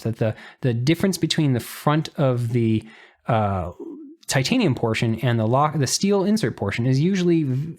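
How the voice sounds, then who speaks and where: A man's voice: medium pitch, darkish tone. A man giving a casual, detail-focused knife review, talking through what he shows with frequent restarts and fillers. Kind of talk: casual show-and-tell review.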